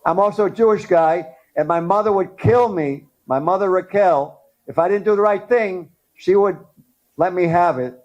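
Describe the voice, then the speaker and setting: A middle-aged man of Cuban background giving an animated talk at a dental conference, firing questions at the audience. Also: high-pitched, moderate pace, dull audio.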